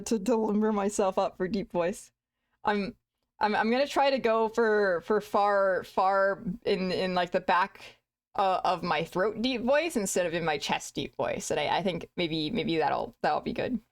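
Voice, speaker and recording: A woman's voice: mid-range voice, a little slow. A woman streamer chatting while playing a game, rambling and stammering in a self-mocking way. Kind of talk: let's-play commentary.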